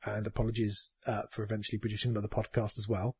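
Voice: mid-range voice, little pitch movement, very fast, darkish tone, slightly rough. A podcast host in casual chat, joking and laughing often while talking over the others.

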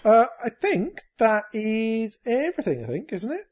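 A man hosting a casual games podcast, animated and jokey, with quick asides. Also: extremely high pitch, breathy edge. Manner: animated, jokey, slips into silly impressions. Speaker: podcast host. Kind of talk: casual chat.

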